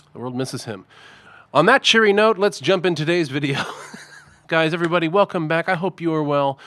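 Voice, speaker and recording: A man's voice: mid-range voice, fairly bright tone, clear, resonant tone, no room sound. Chatty wry male guitarist vlogger. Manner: chatty and wry, with self-mocking asides. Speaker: guitarist reacting to songs, channel host. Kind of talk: casual reaction-video commentary.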